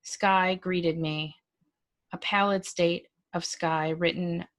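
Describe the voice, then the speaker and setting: A woman, a librarian, reading a first-person story aloud in a measured, dry, expressive way. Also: fairly low pitch.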